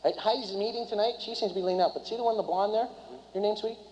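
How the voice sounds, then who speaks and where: Guy running a seminar, high voice, talks super fast, keeps asking the crowd stuff, muffled lo-fi recording. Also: a little hiss or hum. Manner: rapid and animated, keeps quizzing the audience. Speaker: seminar speaker and business trainer. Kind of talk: live motivational seminar talk. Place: meeting room before a live audience. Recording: dull lo-fi recording.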